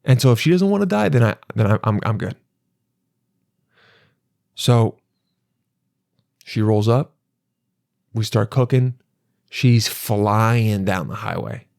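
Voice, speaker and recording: A young man hosting a podcast, telling a comic story in a rambling, exasperated way and jumping into animated voices. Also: fairly low pitch, slow pace, creaky, long pauses, dry recording, clean studio sound. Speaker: podcast host. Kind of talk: comedic storytelling monologue.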